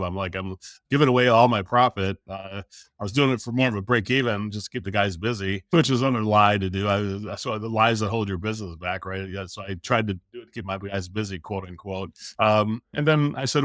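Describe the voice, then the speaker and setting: A man's voice: lowish voice, fairly quick, no echo, clean studio sound. A middle-aged man on a podcast, telling a story casually and acting out the quotes in it. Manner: animated storyteller who acts out quotes. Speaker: podcast guest.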